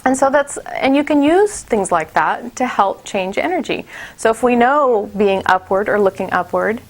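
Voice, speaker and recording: A woman's voice: fairly high pitch, expressive, normal speed. Chatty woman leading a teacher workshop. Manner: chatty, many fillers and restarts, acts out kids' voices. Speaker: teacher trainer. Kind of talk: casual workshop talk.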